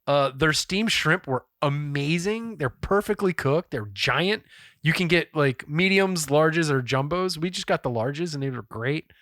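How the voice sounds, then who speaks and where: A man co-hosting a podcast, telling a story in a casual, profane and animated way. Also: fairly high pitch, measured pace, no echo, clean studio sound. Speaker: podcast co-host. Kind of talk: casual chat.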